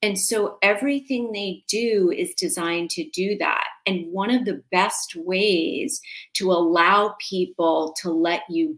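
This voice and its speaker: A woman guest speaking in a casual interview, measured and explanatory, drawing comparisons to make her points. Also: fairly low pitch. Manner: measured, explanatory, uses analogies. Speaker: guest and author.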